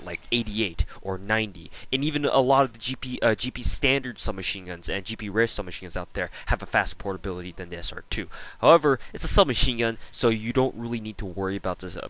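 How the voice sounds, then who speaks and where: A man's voice: fairly low pitch, a bit bright. A man giving a casual video game review voice-over, rambling with lots of fillers and self-corrections.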